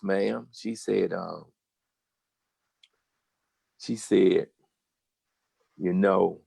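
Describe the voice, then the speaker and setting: Older southern guy with a low gravelly voice, telling a story, doing the voices, dry close sound. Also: no echo. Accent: Southern American. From Virginia. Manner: animated, acts out quoted voices. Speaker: guest storyteller. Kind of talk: casual storytelling.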